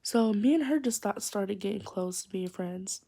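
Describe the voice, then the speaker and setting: A woman's voice: mid-range voice, measured pace, warm tone. A teenage girl chatting through a rambling storytime, dropping to a whisper for secrets. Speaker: vlogger. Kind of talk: casual storytime chat.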